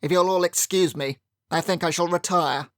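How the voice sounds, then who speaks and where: A stiff, curt English gentleman speaking low and subdued in short clipped phrases, voiced by the audiobook narrator. Close, dry recording. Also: steady tone, moderate pace, dry recording, lightly acted.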